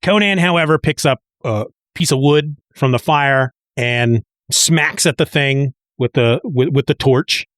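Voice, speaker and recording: A man casually recapping a comic book issue page by page, chatty and excitable, often restarting his sentences. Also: mid-range voice, unhurried, no room sound. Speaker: comic book podcast host.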